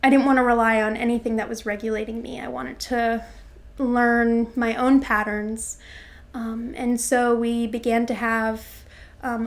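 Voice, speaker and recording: A young woman in her twenties with a fairly high voice tells a personal story in an interview. She speaks reflectively and haltingly, pausing on fillers and restarting her sentences as she thinks. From Florida, USA. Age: 20s.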